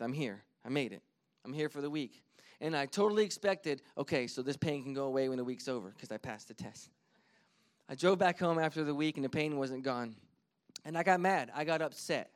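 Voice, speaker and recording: Earnest male pastor, thirties, preaching a sermon; slightly high voice, swings between soft storytelling and emphatic exhortation. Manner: earnest, builds from quiet to emphatic; reads scripture slowly and deliberately.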